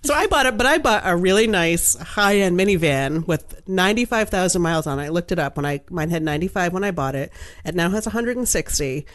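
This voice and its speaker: Her pitch is fairly low and she speaks fast: a middle-aged Maine woman co-hosting a podcast. She animatedly recounts a story in relaxed conversation, performing the voices of the people involved, with lots of laughter.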